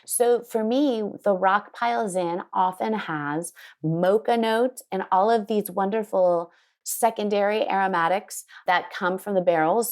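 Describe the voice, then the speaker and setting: A woman winemaker telling an animated story in an interview, acting out the people she quotes. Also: lowish voice. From United States. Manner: lively, quotes people in put-on voices. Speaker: winemaker guest. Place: her home in Sonoma County.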